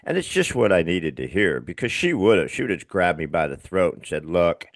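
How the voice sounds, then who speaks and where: A man with a very low voice hosts a podcast interview, talking bluntly and with plenty of swearing. His pitch swings widely as he gets animated, and the recording is dry and close. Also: fairly quick, dry recording. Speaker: podcast host. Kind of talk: casual interview chat.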